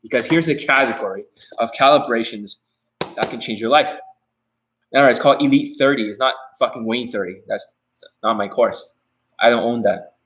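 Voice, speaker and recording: A man's voice: medium pitch, a bit bright, low-quality recording. A man hosting a live stream Q&A as a dating coach, talking in a blunt, profane and rambling way with many repeated phrases.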